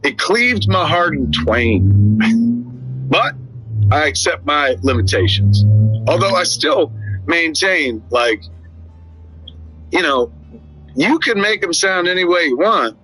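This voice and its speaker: A man's voice: fairly high pitch, soft background music. A man in his fifties chatting on a podcast, telling stories and acting out quoted dialogue. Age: 50s. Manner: animated storyteller, acts out dialogue with quick voice shifts. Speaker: podcast co-host. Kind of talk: casual chat.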